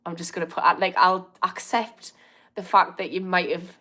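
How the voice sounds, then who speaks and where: This is a woman in her thirties with a Birmingham accent, hosting a casual livestream. She talks close to the mic and reads comments aloud, laughing often and pushing back with amused indignation. Her voice sits fairly low for a woman. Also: fairly even intonation, moderate pace, pushed and bright. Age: 30s. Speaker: recovery coach hosting a livestream.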